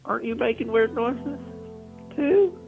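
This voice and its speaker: A man's voice: very high voice, animated, unhurried, gravelly, narrow, tinny audio, soft background music, full character voice. A man playing an odd, insistent character who talks in slang with a put-on accent in an improvised comedy bit. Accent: some put-on accent. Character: odd gravelly man with an accent, sure his ghost babies are real.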